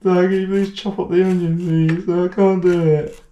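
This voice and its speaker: This is a helpless, pleading voice that whines high and thin, begging a dad for help, as a man puts it on. It is recorded in an echoey kitchen. Pots and cutlery clatter in the background. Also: little pitch movement, normal speed, warm tone, highs cut off, a little hiss or hum, close to an everyday voice. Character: grown man whining like a helpless kid to his dad.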